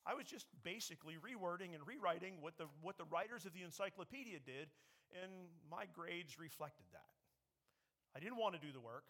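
Guy preaching in church, fairly high voice, chatty but earnest, drags words out for emphasis then gets loud. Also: animated. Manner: earnest, conversational, with dramatic slowdowns and sudden loud emphasis. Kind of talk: sermon. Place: church sanctuary.

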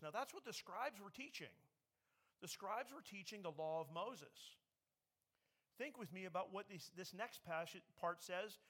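A man preaching a sermon from the pulpit of a church, earnest and conversational, slowing down and suddenly pushing loud to stress a point. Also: sits high, animated. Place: church sanctuary.

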